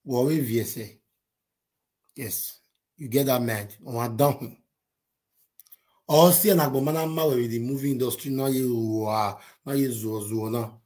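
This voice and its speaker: A Nigerian-accented man delivers loose, lively commentary, jumping between languages and breaking into laughter. His voice sits at an ordinary middle pitch. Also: measured pace, long pauses. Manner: animated, switching between Pidgin and Yoruba, laughing often. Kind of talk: casual commentary.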